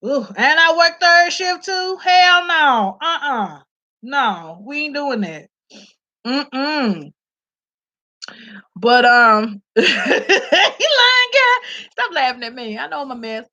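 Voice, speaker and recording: A woman telling a story in casual commentary, loud and animated, swearing and laughing. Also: high voice, slow, pauses often. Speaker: vlogger reviewing a documentary. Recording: slightly dull lo-fi audio.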